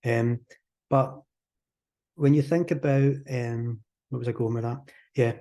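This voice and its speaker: A man with a Scottish accent, a hypnotherapist guest on a podcast, explaining quickly and animatedly, sometimes acting out example voices. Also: medium pitch, fairly even intonation, mellow.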